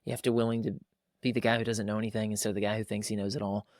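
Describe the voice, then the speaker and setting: A man's voice: on the low side, little pitch movement, very fast, no echo, clean studio sound. A man who hosts a podcast and is a pastor, talking earnestly in casual conversation about fatherhood and acting out bits of dialogue. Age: adult father of young boys. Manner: earnest, acts out quoted dialogue in a raised voice.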